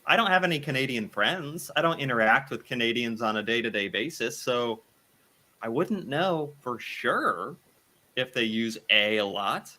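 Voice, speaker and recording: American man, animated reactor, bright tone and a lot of swing in the pitch. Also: normal speed. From United States. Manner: animated, laughs often, thinks aloud. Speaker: video reactor. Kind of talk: casual reaction commentary.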